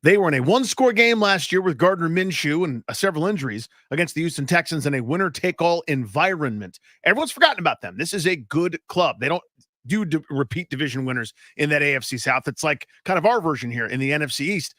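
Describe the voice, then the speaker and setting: A man's voice: fairly high pitch, animated, fast, pushed and bright, dry recording, studio quality. A man co-hosting sports radio talk, making emphatic, opinionated predictions.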